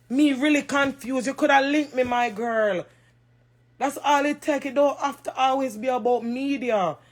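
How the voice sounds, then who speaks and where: A Jamaican woman in an emotional, crying rant on a livestream, emphatic and repetitive, raising her voice at times. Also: high-pitched. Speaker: social media personality.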